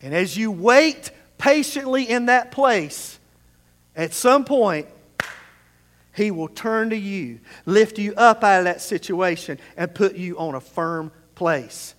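A male pastor preaching a sermon, swinging between hushed passages and raised, emphatic calls. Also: high-pitched, animated, slow pace. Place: church sanctuary. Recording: long hall reverb in a church.

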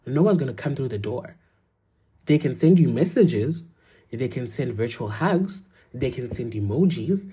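A woman's voice: extremely low pitch, animated, unhurried, warm tone, husky. A young woman giving a blunt, emphatic motivational talk, repeating her points and swearing for force. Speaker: motivational vlogger.

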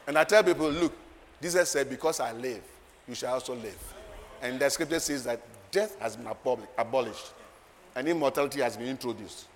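A man preaching a sermon, moving from quiet asides to loud, laughing declarations. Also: mid-range voice, a little fast. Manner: emphatic, swings from soft asides to loud declarations, laughs often. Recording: long hall reverb, faint ambient noise.

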